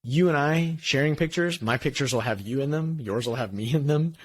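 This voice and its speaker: A man co-hosting a design podcast in casual chat, upbeat and quick to laugh, with a slightly nasal tone. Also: on the high side. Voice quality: nasally when recorded, by his own account. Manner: upbeat, laughs often, talks in quick bursts. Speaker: podcast co-host.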